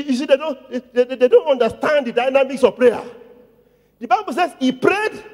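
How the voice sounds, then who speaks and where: A male pastor preaching a sermon in call-and-response style, with repeated questions to the congregation and loud emphatic declarations. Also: very high-pitched. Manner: call-and-response preaching, repetitive, rising to shouts. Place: church. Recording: long church hall reverb.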